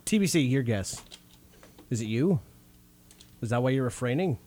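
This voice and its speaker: A man's voice: mid-range voice, animated, moderate pace, darkish tone, slight background noise. A young man hosting a casual group podcast, joking and teasing his co-hosts. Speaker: podcast host.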